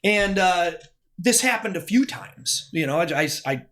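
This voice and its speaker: A man's voice: high voice, lively intonation, measured pace, fairly bright tone. A man, a podcast guest telling a long story in casual conversation, often restarting and acting out what people said. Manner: rambling, restarts, acts out quoted dialogue. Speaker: podcast guest, former club DJ.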